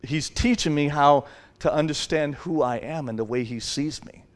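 A man preaching in an informal, rambling style, reading scripture and then riffing on it loosely. His voice sits a little higher than most men's, and he slips into acted-out exchanges to make his points. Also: moderate pace. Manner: informal, rambling, acts out dialogues. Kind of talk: conversational Bible teaching sermon.

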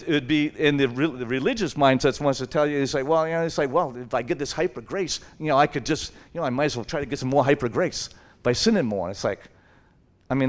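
A male preacher giving a conversational Bible teaching, informal and rambling, often acting out little dialogues. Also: mid-range voice.

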